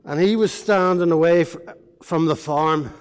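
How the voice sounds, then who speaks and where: Male preacher, playful storyteller for kids, high voice, church-hall reverb. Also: a little slow, clean tone. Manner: lively, playful storytelling to children. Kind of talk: all-age sermon storytelling.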